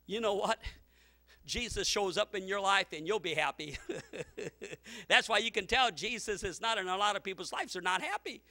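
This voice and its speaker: Man, pastor, sermon, very high voice, animated, laughing, shouting at times. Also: normal speed, dry recording.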